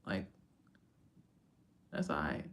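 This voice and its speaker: Hosting a laid-back tarot livestream, a woman rambles and swears freely, tossing in slang and asides to the people watching. She speaks at a slow pace in a somewhat bright voice.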